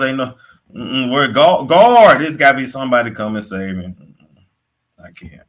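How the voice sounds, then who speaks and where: A young man giving casual, profane gossip commentary, animated and quick to react, sometimes slipping into put-on accents. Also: medium pitch. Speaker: commentary host.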